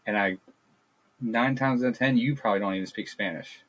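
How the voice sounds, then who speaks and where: A man's voice: mid-range voice, fairly quick, fairly bright tone. A man co-hosting a casual podcast, talking bluntly and ranting, swearing freely. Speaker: podcast co-host. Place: backyard. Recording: poor audio.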